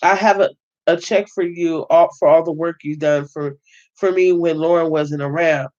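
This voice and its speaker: A man's voice: a little high, steady tone, moderate pace, a little mellow, highs cut off, natural voice. A man voicing a caring motherly woman leader. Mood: concerned.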